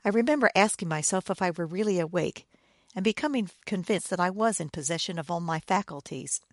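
A woman narrates a first-person story in a measured, grave way, her voice sitting a little low. The recording is close and dry, with no room sound around her. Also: animated, no room sound. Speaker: audiobook narrator.

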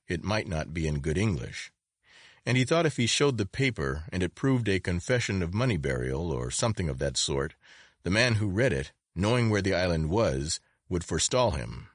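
A man with a very deep voice reads an adventure story aloud. His intonation rises and falls expressively. The sound is close and dry, with no room echo. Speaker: narrator. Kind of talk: audiobook narration of an adventure story.

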